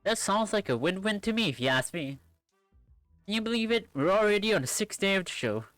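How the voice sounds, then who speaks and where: A woman's voice: mid-range voice, sing-song, brisk, no echo, soft background music, voice pushed up, natural voice. A streamer voicing a cheeky young woman producing a dating show, teasing and perky. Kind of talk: visual novel read-aloud.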